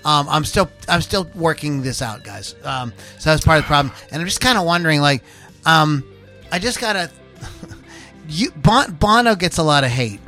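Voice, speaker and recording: A bright-toned man hosts a loose podcast conversation. He rambles, restarts his sentences and leans on fillers, with faint music under him. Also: fairly high pitch, lively intonation, normal speed. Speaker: podcast host. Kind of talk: casual chat.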